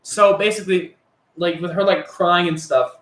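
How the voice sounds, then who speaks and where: A man's voice: high-pitched, steady tone, moderate pace, a bit bright. A young man casually telling a story from his school days, rambling and swearing with lots of fillers. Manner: rambling, profane, filler-heavy. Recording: echoey room.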